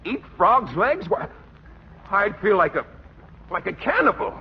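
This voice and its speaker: An actor playing a shy, easily flustered teacher who stammers and hesitates, in 1940s radio acting. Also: male voice, high-pitched, very animated, a little slow, full character voice. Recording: dull old radio broadcast with faint hiss.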